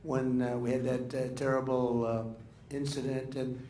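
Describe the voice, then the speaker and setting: A man's voice: mid-range voice, flat delivery, unhurried, warm tone, a little hiss or hum. An older man giving rambling, boastful, anecdotal remarks at a dinner gathering. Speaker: speaker at a political dinner. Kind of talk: off-the-cuff after-dinner remarks. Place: large dining room. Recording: echoey room, faint ambience.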